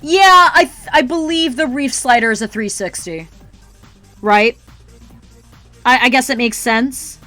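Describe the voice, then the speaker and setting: A woman with a fairly high voice rants on her stream, salty and swearing freely. She talks casually to her chat, and faint music plays under her voice. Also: a little slow, pauses often, a bit bright, no echo. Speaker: art streamer.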